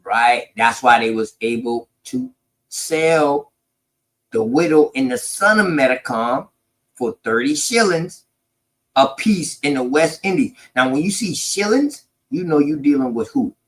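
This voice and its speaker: A man runs through history in loose, casual talk. He is profane and emphatic, and he leans into his points as he explains. His pitch sits at a middle level. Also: expressive, a little slow, a bit bright, rough recording. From South Carolina, United States. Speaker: podcast host.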